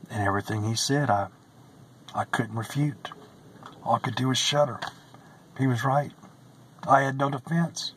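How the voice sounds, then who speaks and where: A man's voice: medium pitch, steady tone, moderate pace, pauses often, fairly bright tone, breathy edge, poor audio. Earnest man giving an emotional testimony. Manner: earnest and emotional, repeating phrases, dropping to whispers. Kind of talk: personal religious testimony.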